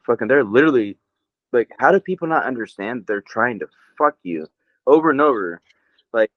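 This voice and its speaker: A man's voice: mid-range voice, dry recording. A man co-hosting a podcast in casual chat, rambling and swearing freely, often breaking into laughter. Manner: profane, rambling, laughs a lot. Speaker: podcast co-host. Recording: dry, dull lo-fi sound.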